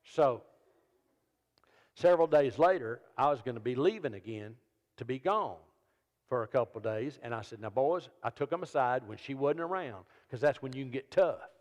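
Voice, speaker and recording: A man, an evangelist and comedian telling funny stories in a sermon and jumping into loud high voices when he quotes people. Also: expressive, normal speed. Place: church service. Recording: long reverb of a church hall.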